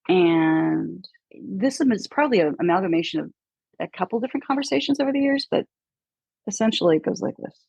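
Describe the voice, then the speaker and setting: A woman chatting casually as a guest, telling animated stories and mimicking people in hushed voices. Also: medium pitch, a little fast, vocal fry, breathy edge, no room sound, muffled recording. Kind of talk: casual chat.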